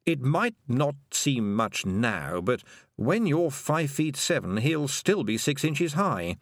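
A man's voice: medium pitch, very animated, dry recording, clean studio sound, pitched above the performer's own voice, exaggerated voice. A man doing a drawling sardonic toad. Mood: wry. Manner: slow, drawling and wry. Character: dry, sardonic talking toad, male.

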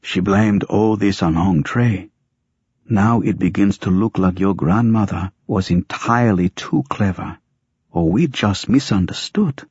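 Rich: A grave older uncle, solemn and muttering, as a male narrator reads him. The voice is very deep and husky. The recording is dry and slightly muffled. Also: a little slow, a little mellow, dry recording. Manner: low, muttering gravity.

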